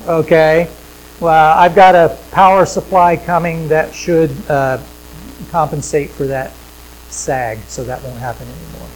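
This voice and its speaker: A male pastor preaching a sermon in a church, conversational, repeating phrases for emphasis and swinging between loud points and quiet asides. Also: fairly high pitch, steady tone, a little slow, poor audio. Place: church sanctuary with projection screens.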